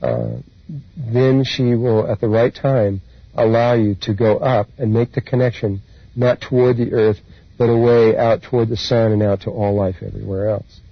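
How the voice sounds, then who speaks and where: A man speaking as a spiritual teacher, telling his personal experiences in an unhurried, meandering way with soft laughs. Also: on the low side, steady tone, creaky, dry recording. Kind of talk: reflective personal storytelling talk. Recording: dull lo-fi recording.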